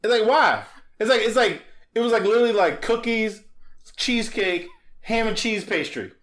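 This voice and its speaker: A young man co-hosting a casual chat, telling animated stories with swearing and acted-out quotes. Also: high-pitched, normal speed. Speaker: podcast co-host.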